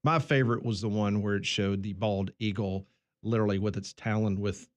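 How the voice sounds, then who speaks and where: A man hosting a sports radio show, telling stories in a relaxed, casual way and running the segment. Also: on the low side, brisk. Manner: relaxed storytelling, runs the segment.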